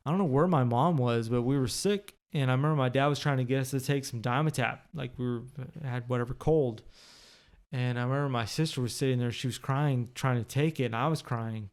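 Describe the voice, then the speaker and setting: A podcast guest recounts a personal story from his living room, his delivery brisk and his voice medium-pitched. The storytelling is candid and rambling, blunt and full of profanity and fillers.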